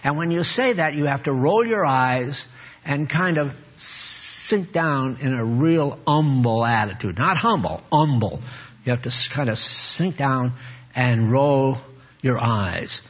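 Male preacher, slow husky delivery, teases the congregation by name; muffled lo-fi recording. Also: mid-range voice. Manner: animated, teasing, calls on listeners by name. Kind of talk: sermon to a small group.

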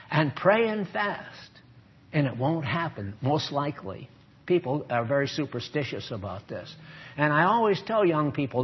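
Husky older preacher, slow and emphatic. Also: male voice, on the high side. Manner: folksy, emphatic, shifts into mock voices and prayer. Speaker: pastor. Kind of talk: sermon. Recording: dull lo-fi sermon recording.

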